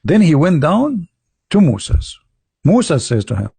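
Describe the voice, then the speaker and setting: A man's voice: fairly high pitch, wildly swooping pitch, unhurried, creaky, warm tone, husky, no echo. A male livestream host talking casually in a mocking, sarcastic and rambling way. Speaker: online debate host.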